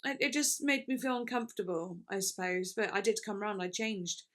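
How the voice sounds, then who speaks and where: A woman's voice: mid-range voice, a little fast, a bit bright. A young woman chatting casually in a music reaction video, thinking aloud with lots of fillers and restarts.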